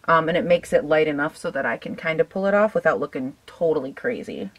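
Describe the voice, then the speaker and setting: A beauty vlogger in her twenties chats fast while applying makeup, her low-pitched voice lively in intonation and carrying a breathy edge. Her talk is giggly and casual, packed with "like" and "um," and she laughs often.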